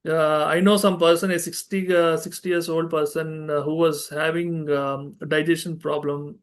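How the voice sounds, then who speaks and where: A man's voice: fairly high pitch, flat delivery, moderate pace, clean tone. A man with an Indian English accent giving an online public speaking workshop, earnest and emphatic, with frequent fillers. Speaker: speaker and trainer.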